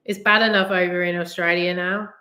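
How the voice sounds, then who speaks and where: A woman's voice: on the low side, little pitch movement, fairly quick, pushed and bright. Chatty middle-aged English woman, roomy sound. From England, West Midlands. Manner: chatty and rambling, full of "like" and "you know". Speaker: live-streaming delivery driver. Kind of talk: casual live-stream chat. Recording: roomy echo.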